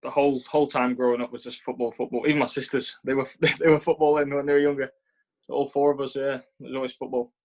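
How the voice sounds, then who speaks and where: A man's voice: medium pitch, flat delivery, fast talker, darkish tone. Young Englishman, earnest, stumbling restarts. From England. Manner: earnest, repeats and restarts words often. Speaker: professional footballer, interview guest. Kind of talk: casual interview answers.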